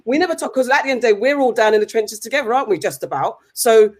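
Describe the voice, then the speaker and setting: A woman's voice: fairly high pitch, expressive, very fast, darkish tone. A woman co-hosting a heated casual discussion, impassioned, often restarting and apologizing as she recalls her points. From United Kingdom. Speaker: podcast co-host.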